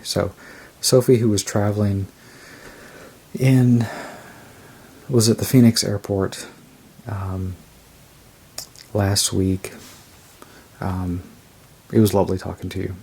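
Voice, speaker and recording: Gravelly, husky low-voiced man. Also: flat delivery, darkish tone. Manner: rambling and unhurried, describing cards as he goes. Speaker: tarot deck reviewer. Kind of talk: casual show-and-tell review.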